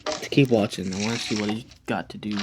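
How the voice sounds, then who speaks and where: A man's voice: fairly low pitch, steady tone, quick pace, background noise. A man casually reacting to a video at home, rambling, swearing and making self-mocking jokes.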